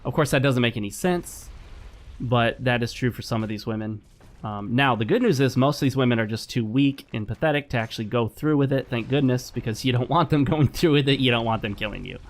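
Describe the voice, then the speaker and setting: A man's voice: medium pitch, fairly quick. A man giving casual gameplay commentary as a gaming channel host, lecturing and repeating himself while he plays. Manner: lecturing, repetitive, talks while playing.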